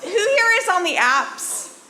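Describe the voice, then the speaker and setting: A woman's voice: very high-pitched, very animated, unhurried, sharp tone. A young woman performing a stand-up comedy set in a club, telling a dating story in a chatty, conversational way and talking with the crowd. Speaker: stand-up comic. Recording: echoey club room with faint noise.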